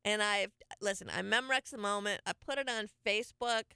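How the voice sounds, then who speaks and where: A woman's voice: medium pitch, fairly quick, creaky, bright, forceful tone, clear, resonant tone, no room sound, clean studio sound. A middle-aged woman hosting a casual radio show, telling stories in a chatty way and laughing often. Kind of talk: casual morning show chat.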